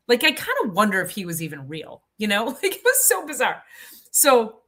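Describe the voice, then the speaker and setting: Woman host, live health Q&A, bright forceful voice, chatty and enthusiastic. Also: a little high, huge pitch swings, normal speed. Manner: chatty, enthusiastic, many fillers. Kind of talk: live Q&A and personal storytelling.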